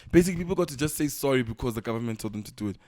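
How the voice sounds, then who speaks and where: A man's voice: medium pitch, lively intonation, very fast, a little mellow. A young man from South Africa with a South African English accent, co-hosting a podcast in heated casual chat, swearing a lot and acting out quoted voices, recorded through a camera's built-in mic. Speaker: podcast co-host.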